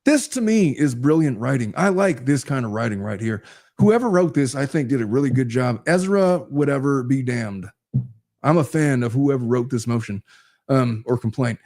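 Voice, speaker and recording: A man hosting a show, reading a legal complaint aloud in a measured way and adding casual comments of his own. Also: medium pitch, expressive, darkish tone. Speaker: host.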